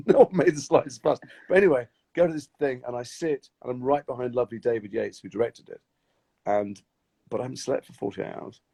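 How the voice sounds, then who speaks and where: A man telling animated stories in casual chat on a live video stream, acting out the people he quotes. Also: medium pitch, brisk, vocal fry, slightly rough. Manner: animated storyteller, acts out quoted voices. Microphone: phone or webcam on a live video call.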